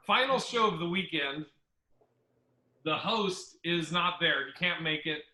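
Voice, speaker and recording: A man hosting a podcast, a stand-up comedian telling stories in a casual, profane and animated way. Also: on the high side, a little slow. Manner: profane, animated, acts out other people's lines. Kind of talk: casual storytelling chat. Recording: roomy echo.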